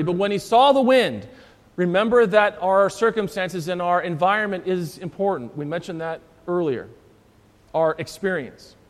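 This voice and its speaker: High-voiced pastor preaching in a reverberant church. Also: male voice. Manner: explains scripture verse by verse, repeats key phrases. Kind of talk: sermon.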